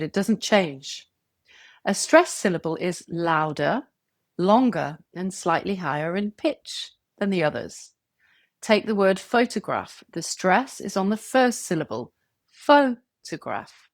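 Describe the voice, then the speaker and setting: A woman giving a scripted English pronunciation lesson, clear and measured, stretching example words to show stress. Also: on the low side, no room sound, studio quality. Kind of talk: scripted tutorial narration.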